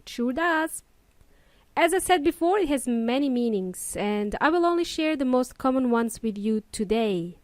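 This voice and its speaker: A woman's voice: sits high, expressive, measured pace, darkish tone, no room sound. A woman hosting a casual lesson podcast, playful and upbeat, joking between explanations. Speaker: English teacher and podcast host.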